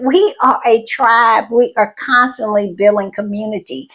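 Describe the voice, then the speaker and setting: A woman hosting a fan commentary channel, gushing excitedly and repeating herself, often calling her viewers y'all. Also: a little high, measured pace.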